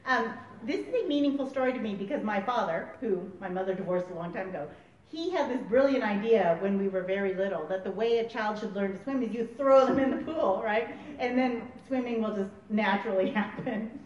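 A woman preaching a sermon, animated and often laughing as she acts out voices. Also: mid-range voice, fairly quick. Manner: animated, laughing, acting out quotes. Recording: roomy, distant, dull recording.

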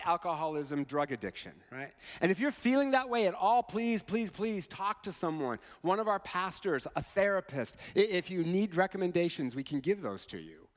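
A man preaching a conversational sermon as a pastor, often checking in with a quick "right?" as he talks. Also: sits high, big-room sound. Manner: conversational, keeps asking "right?".

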